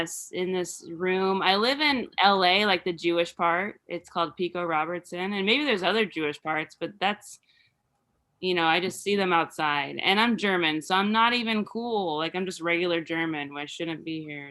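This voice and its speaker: A woman doing a rambling, halting stand-up set full of fillers over a video call. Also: fairly low pitch, sharp tone. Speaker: stand-up comedian.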